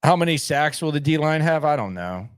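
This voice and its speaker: A man's voice: on the high side, lively intonation, a little fast, clean tone, no room sound, studio quality. A man hosting a sports channel, chatting casually and bluntly, skeptical, often repeating himself as he answers viewer comments.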